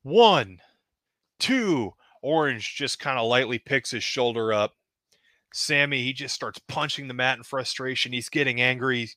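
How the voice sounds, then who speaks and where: A man narrates a toy wrestling show play-by-play in an easy, casual way and gets excited at the pin counts. His voice is bright and forceful. The sound is dry and close. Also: medium pitch, normal speed, no echo. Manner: casual, hedging with "kinda", excited at pinfalls.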